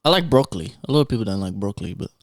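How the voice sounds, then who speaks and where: A man's voice: fairly low pitch, big pitch swings, very fast, dry recording, clean studio sound. A man co-hosting a podcast, casually asking questions and laughing easily. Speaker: podcast co-host. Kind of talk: casual chat.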